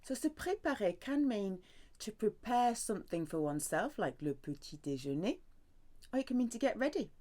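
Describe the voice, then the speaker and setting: A woman's voice: medium pitch, sing-song, normal speed, a little mellow. A woman teaching a language lesson in a playful, sing-song way, with jokes and cheerful exclamations. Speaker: French teacher.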